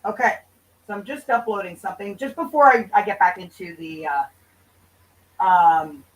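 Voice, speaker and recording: A woman's voice: mid-range voice, measured pace, distant mic, low-quality recording. A woman hosting a livestream in casual chat, answering viewers' comments in a loose, profane, bantering way. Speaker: livestream host.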